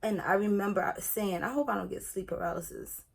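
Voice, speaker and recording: A young woman in a casual get-ready-with-me vlog, talking in a chatty, animated way while she does her makeup. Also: mid-range voice, a little fast, creaky, slightly rough. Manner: chatty and animated, retelling her own experience. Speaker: beauty vlogger.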